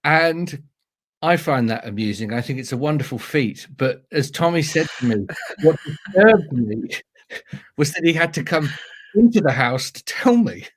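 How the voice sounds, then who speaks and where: A British man, a storyteller, telling funny anecdotes in a playful, animated way during a casual interview. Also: on the high side, a little slow, slightly rough. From Britain. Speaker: storyteller guest.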